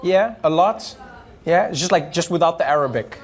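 A man comedian chatting with a live audience, an animated storyteller who laughs as he talks and keeps slipping into impressions. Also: on the high side, fairly quick. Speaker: comedian answering audience questions. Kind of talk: live stand-up style audience Q&A. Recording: live audience noise in hall. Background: audience laughter and murmur.

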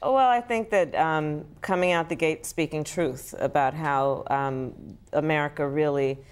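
Woman, middle-aged, lowish voice, earnest, measured, studio guest. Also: clear, resonant tone. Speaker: guest politician. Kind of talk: talk show interview. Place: television studio.

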